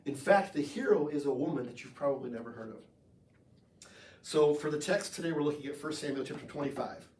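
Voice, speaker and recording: American man preaching, lively chatty sermon, fairly high voice, echoey church room, mic set back. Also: fairly quick, far from the mic, a little hiss or hum. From United States. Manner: conversational, animated preaching with jokes. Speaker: pastor. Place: church sanctuary.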